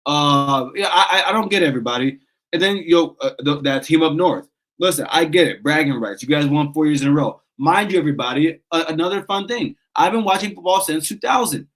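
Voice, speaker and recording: A man's voice: a little high, expressive, a little fast, a bit bright, rough recording. A man in his thirties runs a casual sports fan show in a slightly raised voice. He rants with passion, curses freely, and trips over his words as he restarts sentences. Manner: passionate, ranting, swears, stumbles and restarts. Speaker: sports call-in show host.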